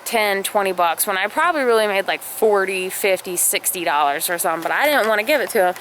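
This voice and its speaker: A woman's voice: medium pitch, lively intonation, fast, a bit bright, slight background noise, rough recording. A young woman vlogger telling a rambling story in casual chat, full of fillers. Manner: rambling, filler-heavy, acts out quotes.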